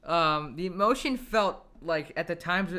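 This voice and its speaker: A man's voice: on the high side, lively intonation, a little slow, bright, forceful tone. A man co-hosting a casual podcast, complaining about a film, laughing often and tripping over his words. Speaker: podcast co-host. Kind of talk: casual chat, film review.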